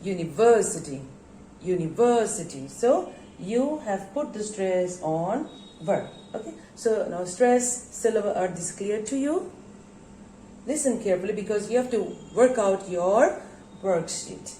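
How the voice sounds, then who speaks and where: Slowly elongating words and repeating them so her students can follow, a woman from Bangladesh teaches English in a recorded classroom lesson. She speaks at medium pitch with an expressive, dark tone, and the room echoes with faint background noise.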